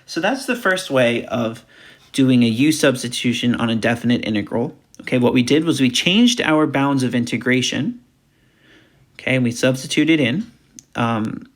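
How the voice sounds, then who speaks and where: A man's voice: mid-range voice, normal speed. A man teaching a recorded math lecture, talking through each step aloud and repeating key points. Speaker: math instructor.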